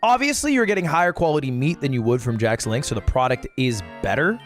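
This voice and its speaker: A man giving casual, joking streaming commentary while ranking products, animated and often profane. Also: mid-range voice, quick pace, faint music behind.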